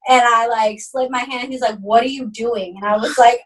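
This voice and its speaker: A young woman co-hosting a podcast, telling a story in casual chat, animated and swearing, acting out quotes with big jumps in pitch. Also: normal speed, recorded from a distance, rough recording. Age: young adult. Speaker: podcast co-host.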